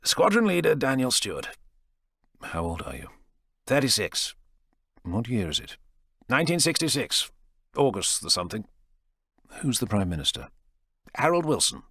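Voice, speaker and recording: A man's voice: mid-range voice, wildly swooping pitch, moderate pace, long pauses, bright, forceful tone, breathy edge, no echo, studio quality, pitched above the performer's own voice, exaggerated voice. A man voicing a wary, sardonic squadron leader in his thirties, his voice raised and strained above his own. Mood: impatient.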